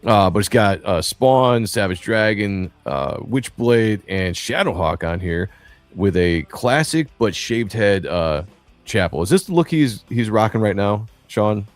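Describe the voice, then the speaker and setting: A man's voice: fairly low pitch, expressive, measured pace, dry recording, soft background music. A man hosting a casual comics livestream, reading chat aloud and teasing his co-hosts in a laid-back way. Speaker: livestream host.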